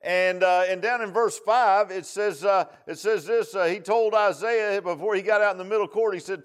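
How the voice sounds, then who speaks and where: A man's voice: high voice, moderate pace, few pauses, smooth. A middle-aged man preaching a sermon in a folksy, conversational way, full of "uh" fillers and restarts. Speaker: pastor. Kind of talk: sermon with opening prayer.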